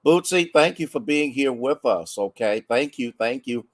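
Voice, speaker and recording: An American man, a pastor, chatting warmly with livestream viewers and greeting them by name, a bit congested from sneezing. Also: medium pitch, animated, normal speed.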